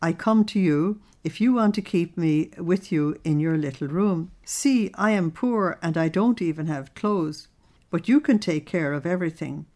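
Eine Frau liest einen armen, flehenden kleinen Jungen. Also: female voice, on the low side, normal speed, a little mellow, lightly acted. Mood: pleading. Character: poor pleading little boy, five or six.

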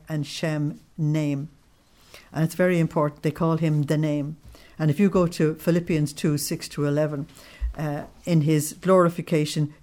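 A woman's voice: low-pitched, a little mellow. A woman giving a devotional study talk, explaining religious readings and checking in with her listeners as she goes. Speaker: religious teacher.

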